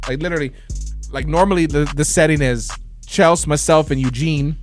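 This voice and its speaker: A man hosts a radio show from a studio, telling stories in a loose, chatty way and slipping into the voices of the people he quotes. His voice sits a little higher than most men's, and soft music plays faintly behind him. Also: brisk. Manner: lively storytelling, acting out quoted voices. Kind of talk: casual radio chat.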